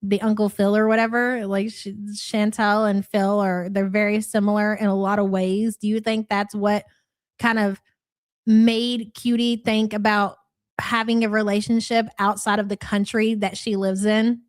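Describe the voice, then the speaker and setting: A woman's voice: medium pitch, level tone, moderate pace. A woman co-hosting a casual online chat, gossiping and mocking with frequent laughter. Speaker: co-host.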